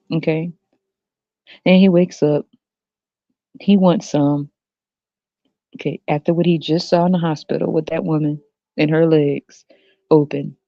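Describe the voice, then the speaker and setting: A woman's voice: sits low, dark tone, dry recording. A woman hosting a podcast, ranting in a blunt, crude, mocking way and laughing often. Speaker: podcast host. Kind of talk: ranting casual monologue. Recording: dull lo-fi dry recording.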